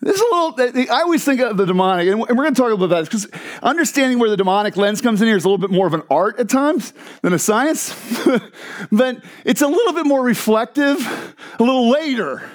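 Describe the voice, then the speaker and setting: A man's voice: very high-pitched, expressive, brisk. A man preaching a sermon to a crowd in a church hall, joking and asking the listeners questions. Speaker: pastor.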